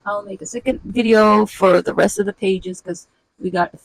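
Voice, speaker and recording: A woman in her forties casually walking through her own comic pages, sardonic and halting, with frequent fillers. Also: medium pitch, steady tone, no room sound, low-quality recording. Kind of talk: casual walkthrough narration.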